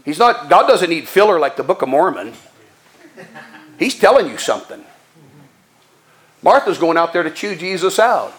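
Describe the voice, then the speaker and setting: A man's voice: a little high, very animated, moderate pace, pauses often, a bit bright. A male pastor preaching a sermon in a folksy, emphatic, conversational way.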